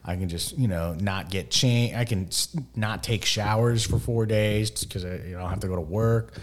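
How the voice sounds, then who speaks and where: A man's voice: on the low side, normal speed. A man co-hosting a podcast, talking in a rambling, profane, casual way with lots of fillers. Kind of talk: casual crude podcast banter.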